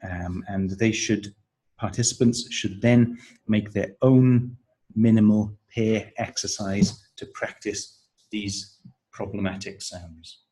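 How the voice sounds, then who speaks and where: A man's voice: lowish voice, fairly even intonation, warm tone, breathy edge, rough recording. A man acting as a teacher trainer, walking through a training manual step by step with frequent ums. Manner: slow, explanatory, with frequent ums and uhs. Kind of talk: instructional walkthrough of a training manual.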